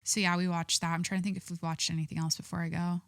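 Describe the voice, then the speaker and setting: A woman's voice: lowish voice, level tone, fast, no room sound. Young woman host, solo podcast chat, rambling and profane, dry close sound. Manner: rambling, swears often, many fillers.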